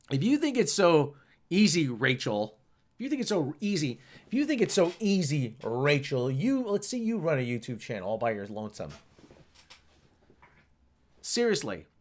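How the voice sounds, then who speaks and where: A man's voice: mid-range voice, fairly bright tone. A man hosting a casual live stream, rambling and answering the chat.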